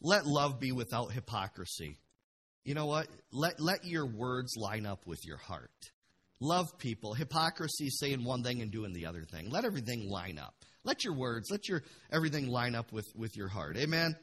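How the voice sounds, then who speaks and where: A man pastor preaching a passionate sermon in a church, dropping to a hush and then rising to loud bursts. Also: medium pitch, big pitch swings, normal speed, husky. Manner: passionate, swings from hushed to loud.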